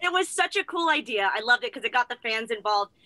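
A woman's voice: on the high side, lively intonation, fast talker, bright, forceful tone. An American woman co-hosting, gushing as a flustered fan over a video call. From United States. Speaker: co-host. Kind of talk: excited casual chat.

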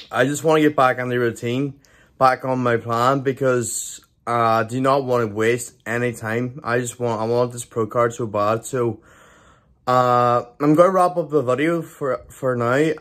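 A young man talking to camera in a casual vlog, excited and rambling, with lots of swearing and restarts. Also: mid-range voice. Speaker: bodybuilder vlogger.

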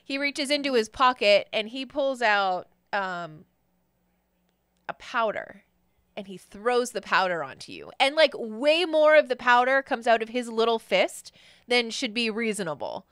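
A playful woman running a tabletop game, narrating with bright, lively inflections. She giggles and fills with "uh" as she goes. The recording is dry and close. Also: a little high, measured pace, smooth, no room sound. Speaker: game master.

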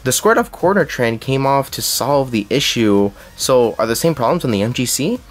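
A man's voice: medium pitch, animated, normal speed, faint music behind. A young man narrating a scripted puzzle cube review, reading along with small slips and restarts.

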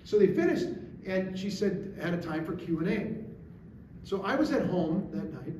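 A middle-aged man speaking to a gathering, an animated storyteller who drives his points home with emphatic rhetorical questions. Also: high voice, normal speed. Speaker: guest speaker. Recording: echoey room, distant mic, faint hiss.

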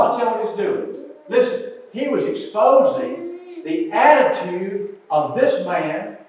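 An older man preaching an earnest sermon, moving between loud pleas and quiet asides. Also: high voice. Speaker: pastor. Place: church sanctuary. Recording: echoey church sanctuary, distant mic.

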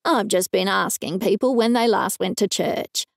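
An Australian woman voicing a pushy, sullen preacher man who speaks slowly and self-righteously in an audiobook. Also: medium pitch, vocal fry, no echo, clean studio sound. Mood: firm, sullen. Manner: firm, self-righteous and slow.

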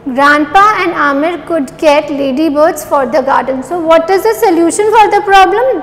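A woman teacher with a very high voice revises a lesson with young children, spelling words letter by letter. She asks questions and then repeats each answer. The recording is rough, with a big-room sound.

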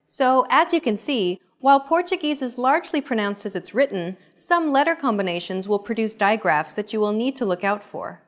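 A woman narrating a lesson, explaining grammar points in an even, scripted way. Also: fairly high pitch, moderate pace, hardly any pauses.

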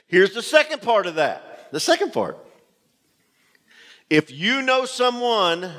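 Pastor guy preaching, kinda high voice, lots of church hall echo, repeats stuff for emphasis. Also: pushed and bright. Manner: emphatic preaching, repeats key phrases, talks straight to the congregation. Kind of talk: sermon. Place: church sanctuary. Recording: long hall reverb from a church.

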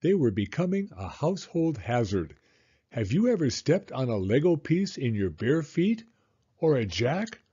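A man reads a children's storybook aloud, slow and animated, with a lively rising and falling voice. His tone is mellow and slightly husky. The recording sounds dull and lo-fi. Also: medium pitch. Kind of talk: read-aloud storybook narration.

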